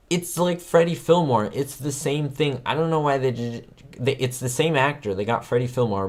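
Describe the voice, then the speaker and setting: A man hosting a trivia livestream, chatting casually and excitably with his viewers, rambling from one fact to the next. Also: medium pitch.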